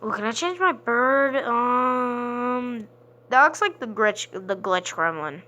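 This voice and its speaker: A young woman playing a game and chatting casually to her viewers, playful, sometimes singing with deliberate voice cracks. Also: fairly high pitch, expressive, pushed and bright, highs cut off, a little hiss or hum. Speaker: gaming vlogger. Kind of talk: casual gaming commentary.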